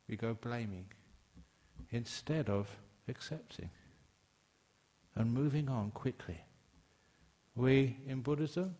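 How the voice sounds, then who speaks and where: Humorous older English monk giving a talk. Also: male voice, dark tone. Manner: humorous, conversational, emphatic with sudden rises in pitch. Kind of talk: dharma talk to a live audience.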